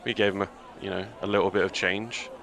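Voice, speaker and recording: A man voicing a guarded young man on the run, speaking in a halting, subdued way during a tabletop game. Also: low-pitched, fairly even intonation, creaky, fairly bright tone, a faint crowd, a little hiss or hum. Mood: somber. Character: guarded young man fleeing a gang past. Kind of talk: tabletop game role-play.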